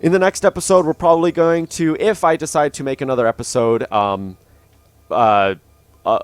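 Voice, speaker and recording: A young man who runs a gaming channel chats aimlessly about the game he's playing, with plenty of fillers and restarts. His mid-range voice comes through a dynamic studio mic with no room sound.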